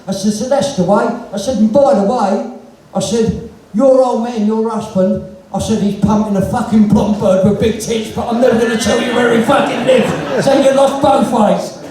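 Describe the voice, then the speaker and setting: A man's voice: very high voice, fairly even intonation, normal speed, mellow. A man with a London accent telling earthy, swear-filled stories on stage, acting out the dialogue himself. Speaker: punk musician guest. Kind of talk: live on-stage storytelling chat. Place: live music venue with audience. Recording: echoey venue from far off.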